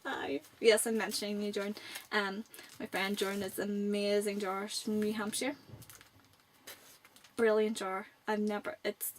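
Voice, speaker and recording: A woman's voice: medium pitch, flat delivery, normal speed, slight background noise. A young woman in her late teens with a Northern Irish accent, chatting to camera in a rambling vlog. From Northern Ireland. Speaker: vlogger. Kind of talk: casual chat to camera.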